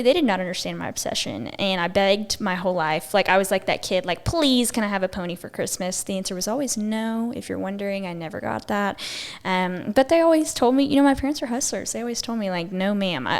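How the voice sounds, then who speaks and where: A young woman with a twangy Texas accent, chatting as a podcast guest in a lively, talkative way. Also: mid-range voice. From Texas, USA. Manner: chatty and animated, says y'all and okay often. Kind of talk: casual interview chat.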